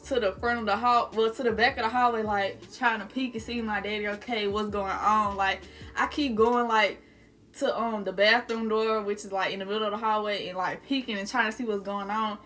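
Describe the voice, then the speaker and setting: A young adult woman casually telling a story to her viewers, animated and swearing, calling them y'all. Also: medium pitch, brisk, faint music behind.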